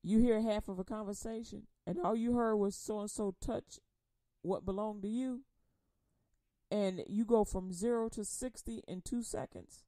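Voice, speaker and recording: A woman preaching a casual sermon, chatty and laughing often, acting out quoted voices and reading scripture slowly. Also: mid-range voice, fairly even intonation, mellow, no echo. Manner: reads scripture slowly and deliberately. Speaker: radio preacher.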